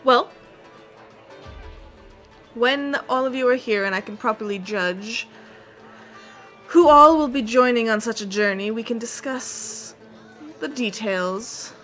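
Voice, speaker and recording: A woman voicing a proud, wary male ship captain who speaks in a measured, formal way. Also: a little high, fairly bright tone, soft background music, pitched above the performer's own voice. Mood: stern. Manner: measured, formal, deliberate speech.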